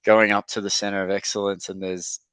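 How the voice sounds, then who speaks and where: Laid-back young man, smooth low voice. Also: flat delivery, a little fast, fairly bright tone, no echo. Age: young adult. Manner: laid-back, chatty, lots of fillers and mates' slang. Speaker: podcast guest, rugby league player. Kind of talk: casual interview storytelling.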